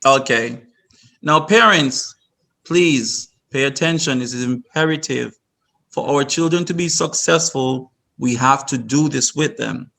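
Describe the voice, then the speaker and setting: A man's voice: mid-range voice, unhurried, gravelly, sharp tone. A man presenting a virtual workshop to parents over a video call, instructive and repeating himself with many restarts.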